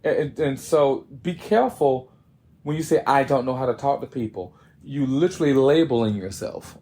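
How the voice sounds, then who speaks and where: Relaxed man co-hosting a podcast. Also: mid-range voice, normal speed. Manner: laid-back, laughs while talking, gives advice. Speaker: podcast co-host. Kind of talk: casual chat.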